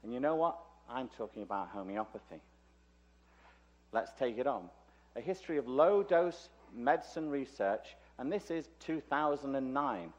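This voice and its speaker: A man's voice: medium pitch, lively intonation, moderate pace. A British man, originally from Liverpool, delivers a conference lecture in a chatty, joking manner full of asides. His voice sits in a middling register. The recording sounds dull and lo-fi. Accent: British English. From Liverpool, England. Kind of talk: conference talk. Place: conference hall.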